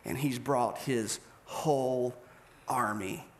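A male pastor preaching a sermon, telling a story with animated delivery and acted-out scenes. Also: mid-range voice, slow pace.

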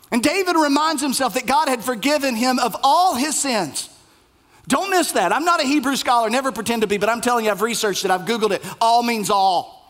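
A man preaching a sermon, with emphatic repetition and sudden drops to a hushed voice. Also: extremely high pitch, animated, fast talker. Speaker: pastor.

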